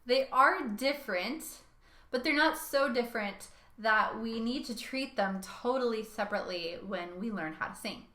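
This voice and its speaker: A young woman vocal coach giving a singing lesson, talking in a lively way and showing each sound with her own voice. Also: a little high, moderate pace, echoey room.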